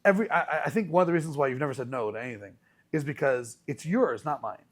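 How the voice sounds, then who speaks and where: Animated rabbi telling a story. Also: male voice, medium pitch, fast talker. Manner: animated, many restarts, gives examples. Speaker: rabbi and podcast host. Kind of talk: casual conversational storytelling.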